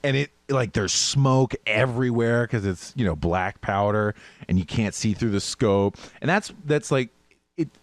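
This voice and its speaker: A man hosting a podcast, telling gaming stories in a lively way and mimicking sounds from the game. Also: fairly low pitch, measured pace, dry recording. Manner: animated storyteller, mimics game sounds and voices. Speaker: podcast host. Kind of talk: casual gaming chat.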